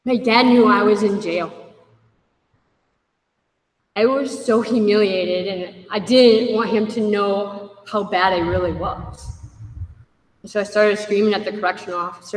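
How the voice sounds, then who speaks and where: A woman gives a personal recovery testimony to a group, candid and wry, briefly taking on the voices of the people in her story. Her middle-pitched voice has fairly even intonation at normal speed with frequent pauses, carrying the long echo of a big hall.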